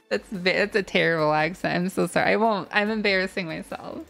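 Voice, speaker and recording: A woman hosts a live game stream, voicing the dialogue as she goes and dropping chatty, self-mocking asides between the lines. Her voice sits at an ordinary middle pitch. Soft music plays faintly underneath. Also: fairly quick, creaky, hardly any pauses.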